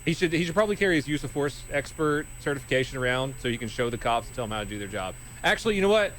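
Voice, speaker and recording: Lively sarcastic male commentator. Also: medium pitch, racing, a little hiss or hum. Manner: sarcastic, blunt, swears. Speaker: co-host reacting to police footage. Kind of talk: casual commentary.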